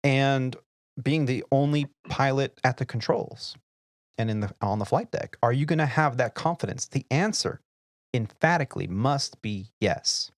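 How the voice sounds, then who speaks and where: A middle-aged man hosting an aviation podcast, telling flight-deck stories in a lively, casual way. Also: medium pitch, moderate pace, no room sound, clean studio sound. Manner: animated storyteller, acts out quoted voices and laughs. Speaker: podcast host and airline pilot. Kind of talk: casual storytelling chat.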